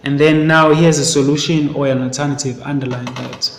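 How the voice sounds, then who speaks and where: A man's voice: fairly high pitch, fairly even intonation, a little fast, vocal fry. Man teaching in an echoey classroom. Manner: reads passages aloud, then questions the class. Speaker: English teacher. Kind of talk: classroom literature lesson. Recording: echoey classroom, faint hiss.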